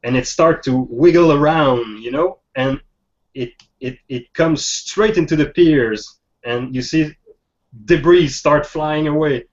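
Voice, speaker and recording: A man narrating a tabletop game as game master, with halting, restart-filled speech. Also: a little high. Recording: dull lo-fi sound.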